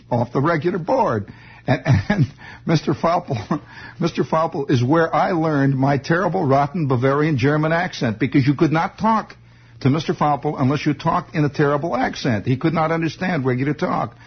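A man's voice: fairly high pitch, husky. A man telling a rambling comic story, full of digressions and teasing asides to the listener. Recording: dull lo-fi recording.

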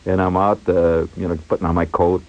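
A man hosting a radio show, telling a personal story in an animated way, chuckling and imitating sounds as he goes. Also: low voice, fairly quick, dull audio. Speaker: radio host. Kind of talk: storytelling monologue on air.

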